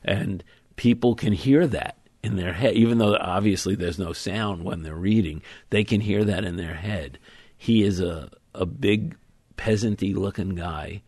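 A man being interviewed as an author, explaining at length in a thoughtful, measured way. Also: low-pitched, darkish tone, husky, no echo, studio quality. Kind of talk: conversational interview.

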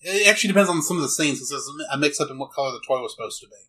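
A man's voice: on the high side, animated, racing, pushed and bright. A man co-hosting a casual movie review podcast, explaining details in rambling bursts that trail off into mumbles. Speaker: podcast co-host.

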